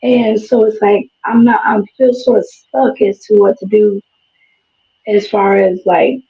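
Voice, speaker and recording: A hoarse woman with a gravelly, rough edge speaks hesitantly and keeps pausing to search for her words. The stream sound is dull and lo-fi. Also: medium pitch, flat delivery. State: losing her voice. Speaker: caller. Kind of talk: casual call-in chat.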